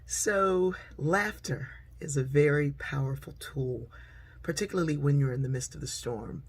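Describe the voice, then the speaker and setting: A woman's voice: low voice, normal speed, slightly rough. A middle-aged woman telling humorous family stories in a personal storytelling monologue. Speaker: speaker and author.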